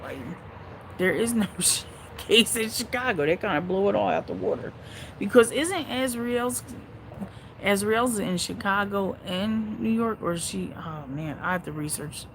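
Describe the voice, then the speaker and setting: A woman's voice: mid-range voice, unhurried, slight background noise, rough recording. A woman hosting a casual live stream, chatting bluntly and profanely with her viewers and laughing often. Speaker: livestream host reading viewer comments.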